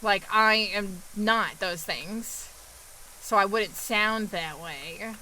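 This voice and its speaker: A young woman with a New York accent chats with her stream's viewers as she plays, her voice bright and forward. She talks loosely, reading and answering questions from chat. Her pitch sits in a middle range for a woman, and faint noise hangs behind her. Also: slow, low-quality recording. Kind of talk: casual chat with live chat while gaming.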